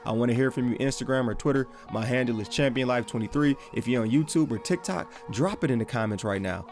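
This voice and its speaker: A man with a Midwestern accent hosting a casual faith podcast, talking excitably in slang and repeating his phrases. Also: medium pitch, quick pace, faint music behind. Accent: Midwestern American. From American Midwest. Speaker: podcast host.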